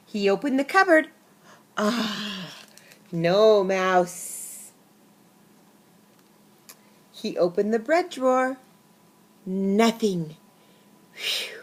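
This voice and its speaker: A woman reading a picture book aloud to children, expressive and pausing to ask her listeners questions. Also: mid-range voice. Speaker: storybook reader.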